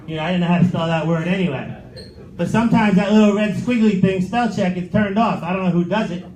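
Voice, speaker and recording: A middle-aged man performs stand-up in a comedy club, his high voice moving at a quick pace with a slightly mellow quality. He tells crude, sarcastic stories and acts out the quotes. The room sounds spacious, with crowd laughter and a little background noise.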